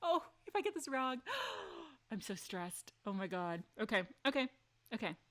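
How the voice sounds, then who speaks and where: Excitable woman streaming a story game. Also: a little high, unhurried. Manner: excitable, gasping, laughing and swearing between read lines; chatty with viewers. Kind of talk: live game stream, reading the story aloud.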